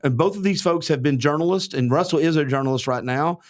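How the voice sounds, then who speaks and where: A man's voice: on the high side, quick pace. Chatty male podcast host. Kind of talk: casual livestream chat.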